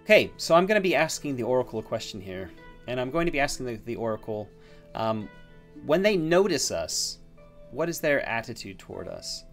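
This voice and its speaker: A man's voice: medium pitch, sing-song, fairly quick, faint music behind. A man narrating his own solo tabletop role-playing game, thinking aloud with many fillers and restarts. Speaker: solo game master and player.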